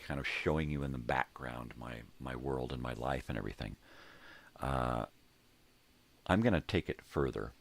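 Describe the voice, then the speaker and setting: With a very deep voice, the older host delivers a laid-back, rambling morning monologue, casual and full of profanity, from a room at home packed with tapes and records.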